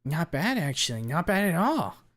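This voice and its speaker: A man voicing a chubby young arcade fighting-game champion who speaks slowly and nods in approval. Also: on the high side, sing-song, a bit bright, voice pushed up. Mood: approving.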